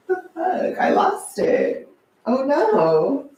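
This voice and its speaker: A young man chatting casually on a livestream, animated and chatty, sometimes swearing, laughing often, heard from a distance. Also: very high voice. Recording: echoey room, away from the mic.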